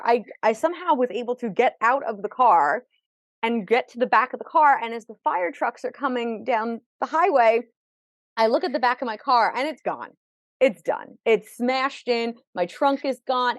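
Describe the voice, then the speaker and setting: A woman's voice: fairly high pitch, dry recording. A woman who is a podcast guest, telling her life story vividly with quoted dialogue. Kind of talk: personal storytelling in an interview.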